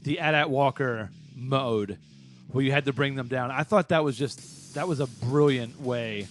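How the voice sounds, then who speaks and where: A man's voice: medium pitch, unhurried, faint music behind. A man co-hosting a podcast in casual chat, often stammering and restarting his sentences. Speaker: podcast co-host.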